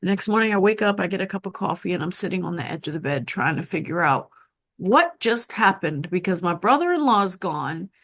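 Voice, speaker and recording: A woman guest telling a deeply personal story with emotion, acting out the voices of people in it. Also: expressive, brisk, a bit bright. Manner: emotional, dramatic retelling with voiced quotes.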